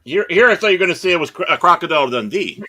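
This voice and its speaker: A man chatting as a guest on a group video call, jokey and quick to laugh. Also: high-pitched, expressive, bright, forceful tone.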